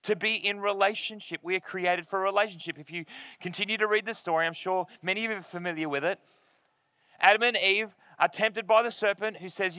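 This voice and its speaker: Bright-voiced man preaching a sermon. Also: high voice, steady tone, dry recording. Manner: earnest, emphatic preaching with deliberate pauses. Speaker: pastor. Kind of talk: sermon with scripture reading. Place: church service in front of a screen.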